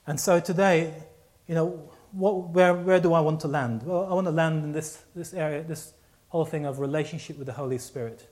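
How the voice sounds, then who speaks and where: A man's voice: a little high, brisk, few pauses, darkish tone. A man preaching a sermon, telling a personal story with many restarts and repeats.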